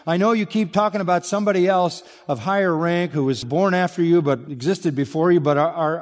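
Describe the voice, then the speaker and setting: A man's voice: high voice, fast talker, few pauses. A man preaching an expository sermon, emphatic and repetitive, firing off rhetorical questions to his listeners. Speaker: pastor. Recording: long hall reverb.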